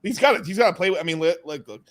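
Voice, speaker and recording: A man hosting a casual crypto livestream chat, excitable, swearing often and restarting his sentences. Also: high-pitched, rapid-fire.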